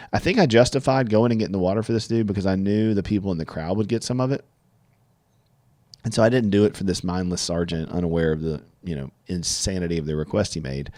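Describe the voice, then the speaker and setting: Deep-voiced man, earnest storyteller, halting restarts, dry close mic. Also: a little mellow, dry recording. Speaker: podcast guest telling his story. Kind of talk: personal storytelling monologue.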